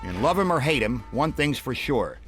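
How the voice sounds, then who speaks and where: Sardonic, deadpan male narrator. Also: mid-range voice, normal speed, low-quality recording. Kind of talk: satirical film history narration. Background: film score music.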